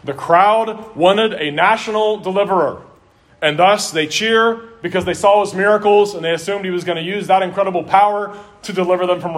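Male pastor with a slightly high voice, earnest preaching delivery. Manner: earnest preaching, varies pace and volume for emphasis. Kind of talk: sermon.

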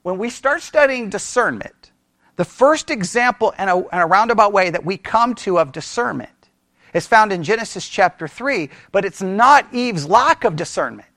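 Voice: mid-range voice, lively intonation, moderate pace, a bit bright, no echo, studio quality. A Bible study teacher who speaks with energy, keeps asking the listeners questions and checking in with "right?", and thinks aloud with restarts.

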